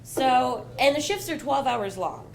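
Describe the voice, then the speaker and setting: A young woman with a fairly high voice tells a personal story on stage. She talks casually and mocks herself, with plenty of "you know" and "like." She is heard through a stage mic in a small bar. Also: expressive, a little slow, creaky, slight background noise. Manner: conversational, self-mocking, full of "you know" and "like". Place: small bar venue with live audience.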